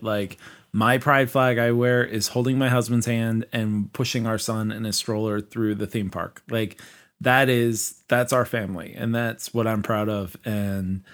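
A man in his thirties co-hosting a podcast in casual, emotional chat, full of fillers and restarts. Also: fairly low pitch. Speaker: podcast co-host.

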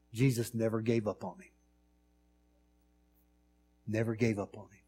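Man preaching a rhythmic sermon. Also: mid-range voice. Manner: swings from hushed pleading to loud emphatic storytelling; repetitive, rhythmic phrasing.

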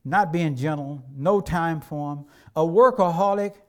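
A middle-aged male pastor preaching in a loose, conversational way. His voice sits a little high for a man, and he slips into acted-out quotes from everyday life as he talks. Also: a little slow. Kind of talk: sermon.

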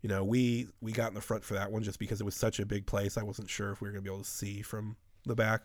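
A man's voice: on the low side, flat delivery, fast talker, no echo. A man in his thirties telling rambling, profane stories in a casual podcast chat.

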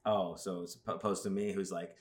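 Rambling low-voiced man telling stories. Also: a little fast. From Las Vegas. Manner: rambling storyteller, animated asides, crude jokes. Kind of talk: casual chat.

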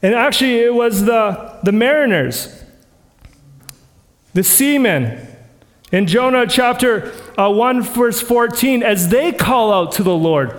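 High-voiced man preaching in a reverberant hall. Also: animated, slow pace. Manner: earnest, conversational preaching that acts out scripture quotes. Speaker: pastor. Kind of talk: sermon.

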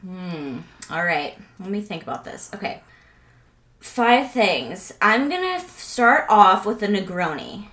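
Woman, guest host, casual chat, bright tone, lively pitch. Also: unhurried. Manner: laughing, chatty, playful.

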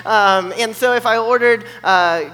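A high-pitched man tells a personal story with lots of energy, acting out the voices of the people in it. His tone is bright and forceful, and a long hall reverb trails behind him. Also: measured pace. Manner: animated, acts out the other people's voices.

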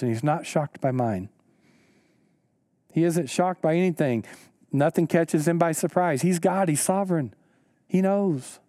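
A pastor preaching a sermon, earnest and emphatic, repeating key lines slowly for weight. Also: male voice, warm tone, no room sound, studio quality. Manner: rises in pitch when stressing a point.

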